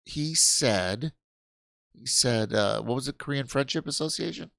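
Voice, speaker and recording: A tired man chats his way through a late-night livestream in a gravelly, fry-laden voice. He rambles, stops and restarts his sentences, and yawns between thoughts. The sound is dry and close, with no room around it. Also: mid-range voice, expressive, unhurried, fairly bright tone, no room sound. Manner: rambling, self-interrupting, tired and yawning. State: sleepy. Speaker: livestream host. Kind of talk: casual livestream chat.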